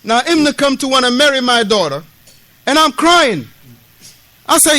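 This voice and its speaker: Explaining a classical text during a mosque lesson, a West African Islamic lecturer talks in an extremely high, sharp voice with big pitch swings. His delivery is a little slow with long pauses and no echo. He stresses his points, repeats key phrases, mixes Arabic with street slang, and acts out quoted lines.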